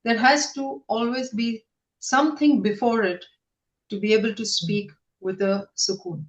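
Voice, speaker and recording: A woman teaching Quranic Arabic grammar in a recorded online lesson, patiently repeating each word slowly so learners can copy it. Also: on the high side, low-quality recording. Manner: patient, repeats words slowly to model pronunciation.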